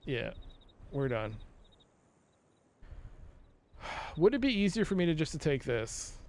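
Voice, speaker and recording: Young guy streaming a game, a bit high-voiced, rambly and self-mocking, lots of uhs, talks to himself and chat. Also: sing-song, slow pace. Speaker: streamer playing a game live. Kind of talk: casual live-stream commentary.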